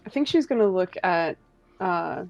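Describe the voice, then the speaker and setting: A woman narrating as dungeon master, chatty and quick to laugh, with casual asides. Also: on the low side, lively intonation, a little mellow, no echo, dull audio. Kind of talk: narrating a tabletop game.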